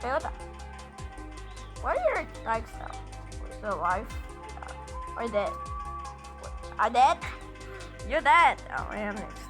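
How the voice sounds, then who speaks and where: Excitable high-voiced woman gamer. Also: slow, pauses often. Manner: excitable, yelps and shouts in panic. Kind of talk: casual gameplay commentary with friends. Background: game music.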